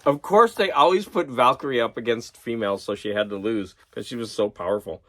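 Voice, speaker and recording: A man chatting casually in a vlog, excited and laughing at himself as he geeks out over comics. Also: medium pitch, fairly quick. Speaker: vlogger. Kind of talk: casual chat.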